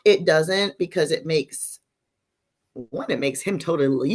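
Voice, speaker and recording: Low, unhurried woman co-host. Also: a little mellow. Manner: candid, storytelling, drops to a whisper for gossip. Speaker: podcast co-host. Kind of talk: casual chat.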